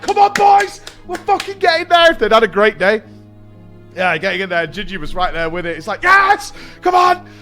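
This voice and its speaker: A man with a hoarse voice chatting excitedly with his stream audience, swearing freely and repeating himself as he reads chat. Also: high-pitched. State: hoarse from shouting. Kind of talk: casual chat with a live audience.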